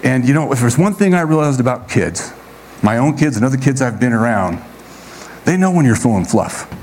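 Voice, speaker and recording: A man preaching a sermon to a congregation in a relaxed, conversational way, often checking in with his listeners. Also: mid-range voice, a little fast, slight background noise. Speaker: pastor.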